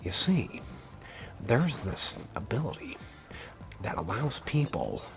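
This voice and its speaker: A man's voice: medium pitch, huge pitch swings, takes it slowly, vocal fry, music in the background, heavily acted. A man voicing the Joker as a menacing, grinning villain, taunting and conspiratorial.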